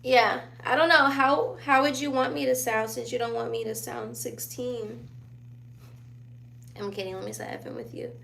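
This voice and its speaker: A woman in her twenties, born in Virginia and raised in Sicily and Germany, chats casually and laughs often while answering viewer questions. Her youthful voice is a little high, gravelly, and fairly bright, animated at a moderate pace, with slight background noise.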